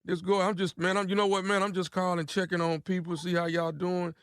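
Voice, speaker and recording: A man's voice: high voice, level tone, fast, fairly bright tone, smooth, dry recording, clean studio sound, voice pushed up. A man playing a lovesick guy on a prank call. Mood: sheepish. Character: smooth-talking man pining for a friend's wife. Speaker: prank caller. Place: radio studio.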